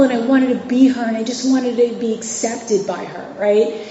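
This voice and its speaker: A woman's voice: a little high, steady tone, moderate pace, a little mellow. Candid woman speaking in an echoey hall. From New York City and Virginia. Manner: candid, conversational, with frequent fillers and restarts. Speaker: guest speaker at a recovery meeting. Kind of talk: personal recovery share. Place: meeting hall. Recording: echoey hall, dull lo-fi sound.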